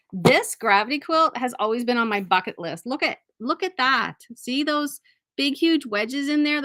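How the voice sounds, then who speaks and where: A woman's voice: fairly high pitch, a bit bright. A woman hosting a quilt shop video, chatting casually and enthusiastically about products, often restarting her sentences. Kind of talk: casual live product showcase.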